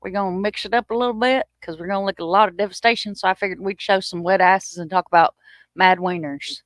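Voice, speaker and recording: A woman's voice: mid-range voice, steady tone, quick pace, dry recording. Woman, livestream host, folksy and joking, dry close mic. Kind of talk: casual live chat.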